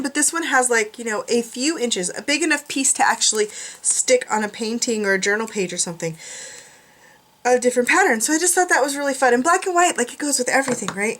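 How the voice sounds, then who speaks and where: A middle-aged woman talking casually to her viewers, chatty and rambling with a self-mocking streak. Her voice sits a little high for a woman. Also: fairly bright tone. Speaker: craft vlogger. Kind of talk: casual chat.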